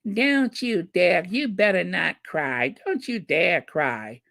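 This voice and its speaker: A commentator doing an impression of a well-known woman, stern and commanding, drawing out reproachful orders slowly. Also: medium pitch, very animated, vocal fry, bright, forceful tone, pitched above the performer's own voice, heavily acted. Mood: scolding. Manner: slow, drawn-out, reproachful commands. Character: scolding woman, a public figure, stern and commanding.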